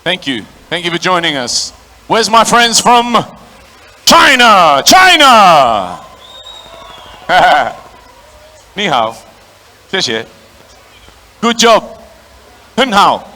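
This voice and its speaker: Guy ring announcer hyping the crowd at a boxing stadium, high voice, really bright. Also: sing-song, slow, pauses often. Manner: booming, crowd-working, calls out to the audience.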